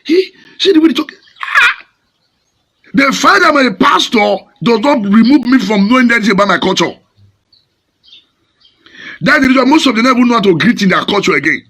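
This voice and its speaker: Nigerian preacher going off, gravelly bright voice, big swoops up and down. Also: male voice, very high voice, lively intonation, fairly quick, pauses often. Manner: fiery, scolding, dramatic. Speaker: pastor. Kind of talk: preaching sermon in Pidgin English.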